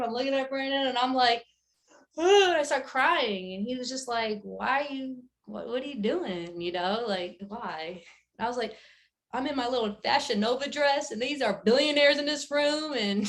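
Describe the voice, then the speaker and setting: A young woman giving a candid, emphatic motivational talk to her business team, sharing a personal story. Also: high-pitched. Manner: animated, emphatic, speaks candidly and directly. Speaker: network marketing team leader.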